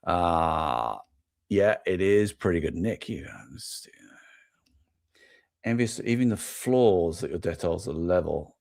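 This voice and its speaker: Brief: middle-aged English male host, low voice, casual rambling live chat, self-amused. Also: lively intonation, slow, gravelly, darkish tone. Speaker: toy podcast host.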